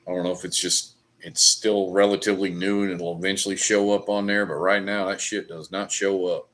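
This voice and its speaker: A man's voice: sits low, level tone, brisk, a bit bright. A middle-aged man hosting a livestream, chatting casually over whiskey in a rambling, profane ranting way. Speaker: livestream host. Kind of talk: casual chat while drinking whiskey.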